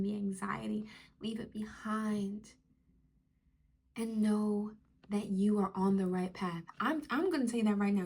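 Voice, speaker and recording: A woman reading oracle cards as a channeled spiritual message, talking softly and repeating key words, with occasional bursts of excitement. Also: medium pitch. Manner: soft, affirming, repeats phrases, bursts of excitement. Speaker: spiritual card reader.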